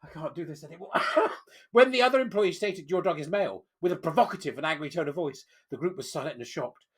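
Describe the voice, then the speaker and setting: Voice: medium pitch, animated, fast talker, breathy edge. A vlogger mocking a news story, reading out quotes, scornful and laughing often. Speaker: commentary vlogger.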